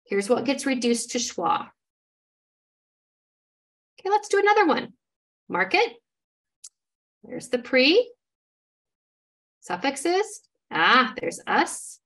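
A woman's voice: high voice, very animated, slow pace, pauses often, fairly bright tone. A woman giving an instructional demonstration as a literacy trainer, modeling how to decode words step by step in an encouraging way.

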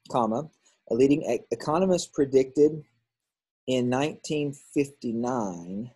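A man teaching a grammar lesson, working through workbook answers out loud, thinking aloud and correcting himself as he goes. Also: mid-range voice, slightly rough, rough recording.

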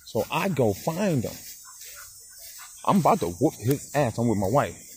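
A man in his forties telling a story in a casual vlog, animated and swearing as he talks straight to the viewer. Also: mid-range voice, moderate pace, very noisy. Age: 40s. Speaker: dog breeder. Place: outdoors walking a dog.

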